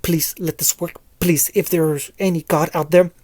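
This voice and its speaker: A brash, caring young male ninja talks in urgent, pleading bursts and teases now and then, as a narrator puts him on for a fan fiction reading. The pitch stays narrow. The voice sounds close and dry. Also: fairly even intonation, moderate pace, a little mellow, no room sound, close to an everyday voice.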